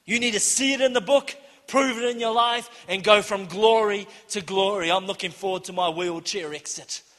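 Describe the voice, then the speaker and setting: A man preaching a sermon, telling a story and acting out the dialogue, shouting at the high points. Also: moderate pace, big-room sound. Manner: animated, acts out dialogue, shouts for emphasis.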